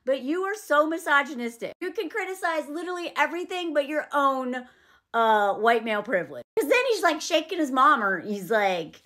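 A woman giving casual, sarcastic commentary on a movie scene, animated and quick to laugh. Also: high voice.

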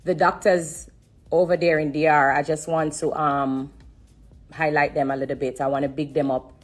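A woman giving an earnest personal testimony on a live stream, repeating herself and pausing to hold back tears. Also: sits low. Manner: earnest and repetitive, stopping to steady herself. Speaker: singer sharing a personal testimony.

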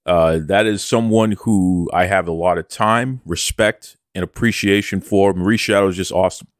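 This wrestling podcast host speaks in a low, steady voice at a moderate pace, recorded cleanly in a studio without echo. His casual chat is full of playful promo swagger, and he calls himself by name in the third person.

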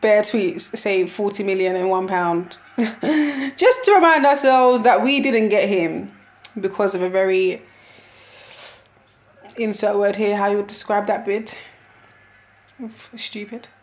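A young woman chatting through a football match reaction in a casual, slangy way. She sounds exasperated and laughs often as she talks. Her voice sits at an ordinary middle pitch. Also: takes it slowly, pauses often.

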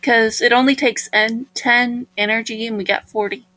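A woman's voice: on the high side, normal speed. A young woman chatting casually while hosting a dating-game playthrough, leading the way. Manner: chatty, bossy about the game, bursts into excited squeals. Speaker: let's play host.

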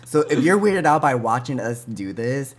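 Young male guest, average pitch, quippy and playful, casual banter. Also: sing-song, normal speed. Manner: joking, interrupts with quips. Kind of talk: casual chat.

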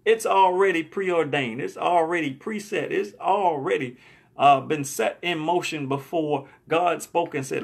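A man's voice: on the high side, measured pace, creaky, husky. A man preacher telling a story in a sermon, emphatic and often repeating his words.

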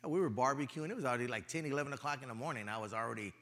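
A middle-aged male pastor giving a sermon in a casual, conversational way, with his volume swinging from loud to hushed. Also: mid-range voice, rapid-fire. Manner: casual, conversational, peppered with "you know".

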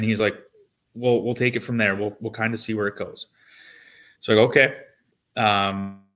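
A man's voice: fairly low pitch, fairly bright tone. A man in his thirties, a former pro hockey player, telling stories casually in an interview with lots of fillers and restarts. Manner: rambling with many fillers and restarts.

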